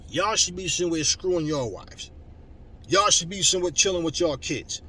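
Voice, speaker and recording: A man hosting a boxing channel, ranting at viewers, loud and mocking, swearing constantly. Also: fairly high pitch, expressive, normal speed. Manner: loud, mocking, heavy cursing. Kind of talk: profane rant to viewers. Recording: slightly distant mic with faint background noise.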